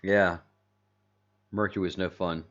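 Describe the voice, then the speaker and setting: Low-voiced rambling male stream host. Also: flat delivery, measured pace, a bit bright, lo-fi sound. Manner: rambling, repeats and restarts, reads chat aloud. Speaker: channel host. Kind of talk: casual livestream chat with viewers.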